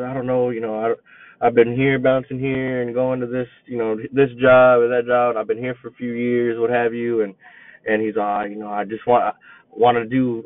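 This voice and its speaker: A man's voice: medium pitch, no echo. Man in his twenties on a tinny line. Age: 20s. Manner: rambling, repeats himself, reflective. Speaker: teacher and coach. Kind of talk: casual storytelling monologue. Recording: tinny phone-like line, dry.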